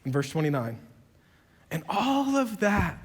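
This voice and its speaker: A man preaching a sermon as a pastor, emphatic, swinging from low and quiet to loud and raised, with sarcastic joking asides. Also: very animated, measured pace, slight background noise. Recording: long reverb of a big hall.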